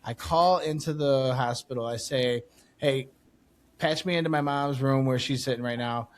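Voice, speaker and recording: A man hosting a casual podcast, telling a story with lively acted-out dialogue and frequent swearing. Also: medium pitch, moderate pace. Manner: animated storytelling, acts out dialogue, swears freely. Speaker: podcast host.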